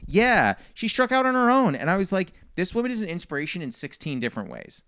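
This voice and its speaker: A man's voice: high voice, fast, no echo, clean studio sound. A man and comedian telling a long story in a casual podcast chat, acting out the people in it. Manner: animated storyteller, quotes people. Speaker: comedian guest.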